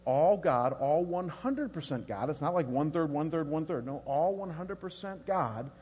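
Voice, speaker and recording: A man preaching a sermon to his congregation, rising into loud, high, repeated declarations as he builds his point. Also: lively intonation, moderate pace, husky. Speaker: pastor. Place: large church hall. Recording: long hall reverb.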